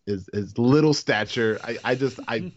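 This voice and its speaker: Excitable swearing man in a podcast chat. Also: medium pitch, normal speed, dull audio. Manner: excitable, swears, acts out quotes. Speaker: podcast co-host. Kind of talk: casual chat.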